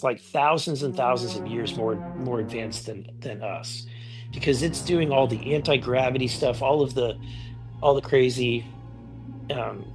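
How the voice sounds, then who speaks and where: Guy in an interview clip, kinda hesitant, restarts a lot, music playing behind. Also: mid-range voice. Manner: halting, lots of restarts and fillers. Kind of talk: casual interview recounting.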